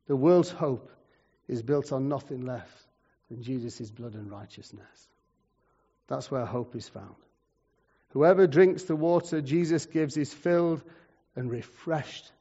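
A man preaching a sermon, telling stories in a conversational way and moving between loud and quiet. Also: medium pitch, husky. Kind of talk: sermon with storytelling. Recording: muffled, long hall reverb.

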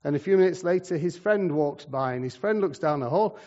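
A man preaching a sermon, telling stories in a conversational way and moving between loud and quiet. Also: a little high, lively intonation, fairly quick. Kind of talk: sermon with storytelling. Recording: muffled, long hall reverb.

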